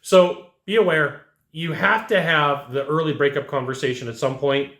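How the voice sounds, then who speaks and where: In a roomy, echoing space, a sales trainer talks straight to his viewers with blunt, conversational coaching and plenty of rhetorical questions. His voice is a little high and fairly bright, and he keeps a moderate pace.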